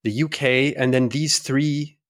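A man's voice: mid-range voice, fairly even intonation, measured pace. Man, podcast host, curious, rambling, restarts questions.

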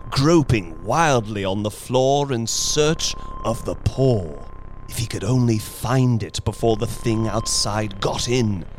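Slow, suspenseful male storyteller. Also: medium pitch. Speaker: narrator. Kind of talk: dramatic storybook reading. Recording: reading over background music.

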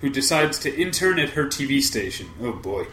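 An easygoing man chats along with his co-host in a casual, agreeable way. His voice is bright and forceful. The room around him rings with echo. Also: medium pitch, big pitch swings, a little fast, slight background noise. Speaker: podcast co-host. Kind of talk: casual chat.

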